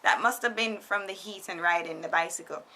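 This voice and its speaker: Bright-voiced young woman telling a story. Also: medium pitch, a little fast, creaky. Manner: animated storytelling, laughing often, quoting others in put-on voices. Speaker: vlogger. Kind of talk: casual storytime vlog. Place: foreigner living in Japan.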